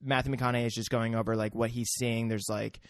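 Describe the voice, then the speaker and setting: A man's voice: mid-range voice, flat delivery, brisk, dry recording, studio quality. A man co-hosting a casual podcast, rambling through a film recap with lots of fillers and searching for words. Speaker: podcast co-host.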